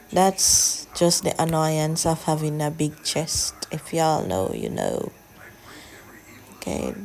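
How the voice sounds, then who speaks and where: A young woman chatting casually in a soft, often half-whispered drawl as she narrates a hair-braiding tutorial. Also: lowish voice. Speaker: hair vlogger.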